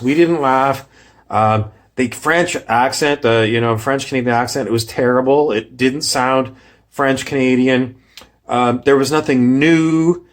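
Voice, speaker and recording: Comedy creator, male, casual rambling recap, self-critical, unhurried. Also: mid-range voice. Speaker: comedy sketch maker. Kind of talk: casual commentary on his own sketch.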